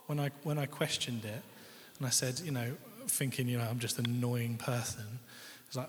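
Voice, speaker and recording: A man's voice: medium pitch, steady tone, moderate pace. A young man giving a candid, conversational personal testimony as a guest speaker in a church. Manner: candid, conversational, quotes others' words. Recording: long hall reverb.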